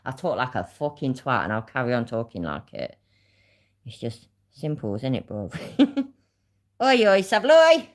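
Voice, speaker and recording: A woman's voice: extremely low pitch, sing-song, a little slow. A woman with a Leicester accent, a YouTube host talking bluntly and swearing freely in a casual livestream chat. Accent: Leicester English.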